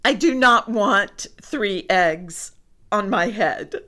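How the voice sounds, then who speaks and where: A woman's voice: medium pitch, expressive, takes it slowly, bright, forceful tone. A woman voicing an indignant fussy elephant. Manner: indignant, exasperated complaining. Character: fussy worried male elephant, big and grumpy. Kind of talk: storybook read-aloud.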